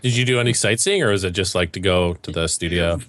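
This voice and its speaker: Bright, animated man joking around. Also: low voice, fast talker. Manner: animated, jokey, gets loud when joking. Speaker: podcast co-host. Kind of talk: casual chat.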